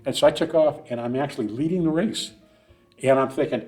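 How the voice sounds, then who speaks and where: Fast-talking middle-aged man telling stories. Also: mid-range voice, mellow, soft background music. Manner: rambling, many restarts and asides. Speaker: podcast guest, runner. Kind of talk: casual storytelling interview.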